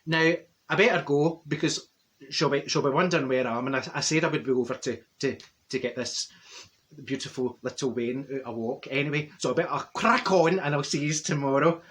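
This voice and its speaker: A man's voice: on the high side, brisk, a bit bright, close to an everyday voice. A man playing a chatty, gossipy middle-aged Glasgow woman with a Glaswegian Scottish accent, rambling to camera with plenty of asides. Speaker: comedy character. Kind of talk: comic character monologue to camera. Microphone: camera set up nearby.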